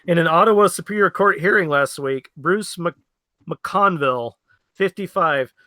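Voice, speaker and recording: A man's voice: a little high, normal speed, bright, forceful tone, no echo. A man hosting a casual comedy podcast who reads news articles aloud and stumbles over names. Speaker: podcast host.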